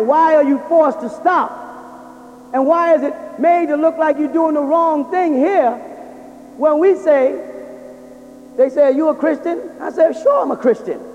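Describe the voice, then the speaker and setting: A man's voice: very high voice, darkish tone. A man giving a religious lecture to an audience, drilling his listeners with rhetorical questions. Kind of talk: lecture-style sermon to an audience. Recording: dull lo-fi recording in a reverberant hall.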